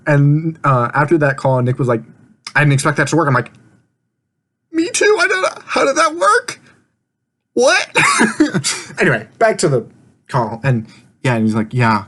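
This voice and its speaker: A man with a medium-pitched voice casually recaps an online game he played. He rambles, laughs a lot, swears offhandedly and acts out the lines he says he spoke.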